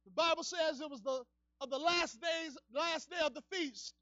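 A male evangelist preaching a church sermon, dropping to low murmurs and then rising into fervent shouting, captured on a dull, lo-fi recording. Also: moderate pace, no echo. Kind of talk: fiery preaching. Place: church service.

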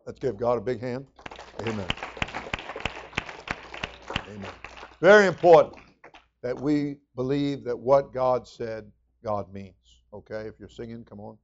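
A man's voice: medium pitch, unhurried, pauses often, lo-fi sound, a faint crowd. A man preaching a sermon as pastor, folksy and conversational with emphatic rising bursts.

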